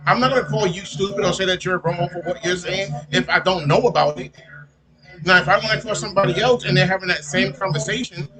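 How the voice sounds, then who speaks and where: A man in casual podcast talk who explains his view at length in a steady way. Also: sits high, fast, crowd noise, poor audio.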